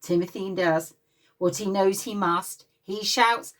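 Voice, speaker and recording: Picked up by a distant mic, a medium-pitched woman with an English accent gives a read-aloud storytime to young children at playgroup. She's lively and expressive, breaking off often to chat with them and encourage them to join in.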